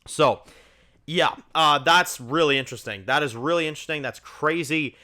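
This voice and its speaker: A man's voice: fairly high pitch, normal speed, sharp tone. A man hosting his review channel, talking through a TV episode in a loose, enthusiastic way, full of "like" and "you know". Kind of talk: casual spoken episode review.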